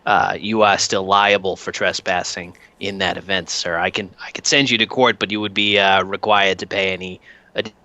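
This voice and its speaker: A man voicing a fat, slovenly male bureaucrat boss who drones slowly through statute codes. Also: low-pitched, flat delivery, bright, forceful tone, dry recording. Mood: droning. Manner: slow, droning, recites statute codes.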